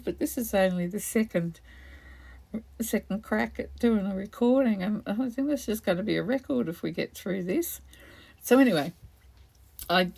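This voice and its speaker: A woman's voice: medium pitch, vocal fry, warm tone. A middle-aged woman chatting casually while crafting, rambling and laughing often. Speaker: craft video host.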